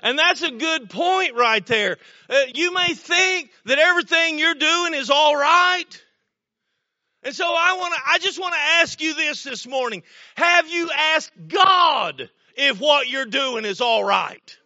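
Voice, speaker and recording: A male preacher with a very high, bright voice gives a folksy, story-filled sermon. He repeats his words as he goes and bursts into shouts to drive a point home. The sound is dry and a little muffled. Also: animated, unhurried, no room sound. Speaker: pastor.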